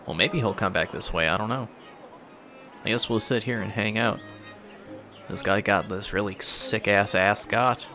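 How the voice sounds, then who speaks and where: A man's voice: lowish voice, normal speed, pauses often, sharp tone, soft background music. A man casually commenting over a video game playthrough, rambling and swearing freely. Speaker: gameplay commentator. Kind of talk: casual let's play commentary.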